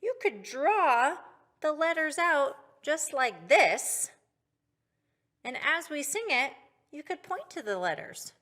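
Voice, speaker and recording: A woman's voice: high voice, sing-song. A woman teaching a children's music lesson in a patient, sing-song, encouraging manner. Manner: patient, slow, sing-song, bright and encouraging toward kids.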